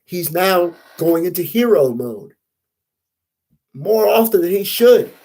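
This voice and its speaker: A man's voice: high-pitched, big pitch swings, slow pace, mellow, low-quality recording. A young man hosting a casual sports podcast, venting in a frustrated, profane, rambling way. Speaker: podcast host.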